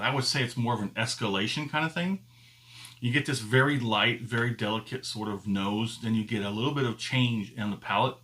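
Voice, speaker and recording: A man's voice: medium pitch, pushed and bright. Man musing through a whiskey tasting. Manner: thinking aloud, unhurried, pauses to search for words. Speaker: whiskey reviewer and channel host. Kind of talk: casual tasting review to camera.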